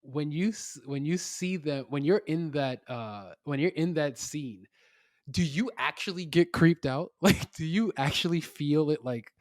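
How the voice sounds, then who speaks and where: A man hosting a podcast interview in a relaxed, chatty way, laughing often and restarting his sentences. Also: a little high, measured pace, no room sound, studio quality. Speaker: podcast host. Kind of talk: casual interview chat.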